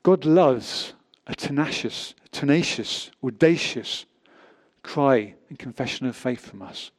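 A man's voice: mid-range voice, lively intonation, slow pace. A man preaching a sermon, reading scripture aloud with emphatic rises and drops.

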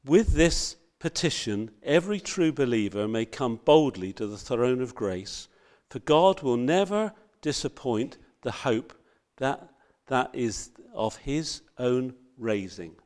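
A man preaching a sermon, earnest and reading scripture with loud emphasis. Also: mid-range voice, animated, slow pace, few pauses.

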